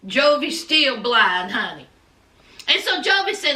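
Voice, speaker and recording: A woman's voice: high-pitched, huge pitch swings, measured pace, pushed and bright, echoey room, distant mic. A woman in a sassy, dramatic casual recap of a reality show, laughing often and acting out what people said.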